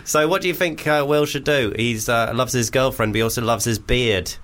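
A man's voice: medium pitch, fairly quick, fairly bright tone. A man co-hosting a radio show, bantering playfully and laughing often. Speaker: radio co-host.

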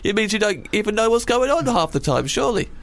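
A man's voice: high-pitched, sing-song, fast, creaky, fairly bright tone. A man hosting a podcast in a casual comedic chat, laughing often and teasing his guest. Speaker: podcast host.

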